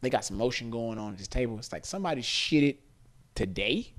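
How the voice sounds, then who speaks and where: A man hosting a podcast, telling a crude comic story in an animated, laughing way, full of slang. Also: medium pitch, a little fast. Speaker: podcast host.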